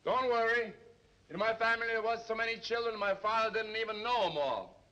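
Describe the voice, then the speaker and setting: An actor playing an excitable, fussy male roommate who dabbles in astrology, theatrical with a gloomy deadpan. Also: high-pitched, fairly quick. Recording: dull old film soundtrack.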